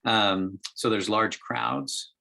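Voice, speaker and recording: A man leading a Bible study over a group call, explaining scripture in a halting way with many ums and restarts. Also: lowish voice, creaky, pushed and bright. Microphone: call microphone.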